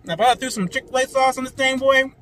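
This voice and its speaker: Man, high voice, excited casual food review, parked car, faint traffic outside. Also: fast talker. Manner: excited, keeps saying "guys" and "man". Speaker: food vlogger. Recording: faint road noise from inside a car. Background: cars passing by.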